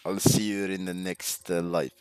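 A man commentating his own ranked match over a headset, teasing and mock-insulting his teammates, with sudden loud outbursts. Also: deep voice, little pitch movement, normal speed, clear, resonant tone, no room sound. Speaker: gaming video host. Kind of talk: live gameplay commentary over voice chat.

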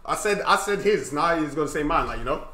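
High, lively streamer man, very bright. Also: fairly quick. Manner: loud and theatrical, shouting and laughing. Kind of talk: casual live-stream chat.

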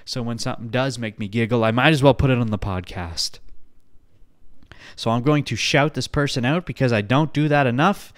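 Brief: profane, rambling male podcast host, smooth, resonant voice, mid pitch. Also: moderate pace. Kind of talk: casual solo podcast rant.

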